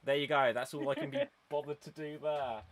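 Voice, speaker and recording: A man hosting an online improv show over a video call, brisk and chatty, laughing often. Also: a little high, steady tone.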